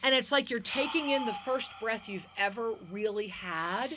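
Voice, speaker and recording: A woman's voice: on the high side, normal speed, background noise. A woman hosting a spiritual call-in radio show, effusive and affectionate with her callers.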